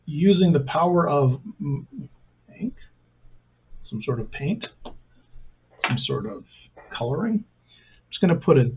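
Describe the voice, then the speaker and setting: A man's voice: fairly high pitch, lively intonation, takes it slowly, pauses often, slight background noise. A man hosting a casual step-by-step hobby tutorial, talking in a rambling way with self-mocking jokey asides. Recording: thin phone-like sound.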